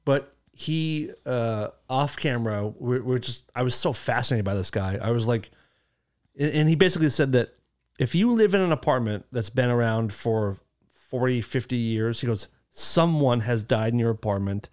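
A man's voice: medium pitch, normal speed, a little mellow. A man hosting a casual podcast who reacts bluntly and swears freely. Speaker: podcast host.

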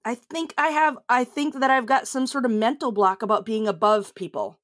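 A woman in her fifties chatting in an interview, telling stories in a frank, animated way. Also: a little high, moderate pace. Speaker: comedian interviewee. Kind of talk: casual interview chat.

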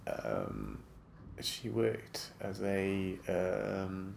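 A British man talking as a guest in a casual interview, relaxed and hesitant, with many fillers. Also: low voice, extremely slow, gravelly, a little hiss or hum.

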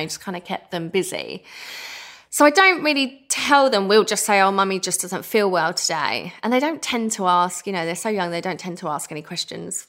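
A British woman in her thirties, a podcast guest chatting and telling stories in an animated way, full of "like". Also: on the low side. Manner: chatty and animated, heavy use of "like". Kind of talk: casual storytelling chat.

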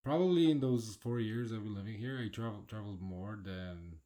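A man in his thirties with a Polish accent, co-hosting a casual podcast chat in a laid-back way, often trailing off quietly. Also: on the low side, a little fast. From Poland. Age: 30s. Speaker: podcast co-host.

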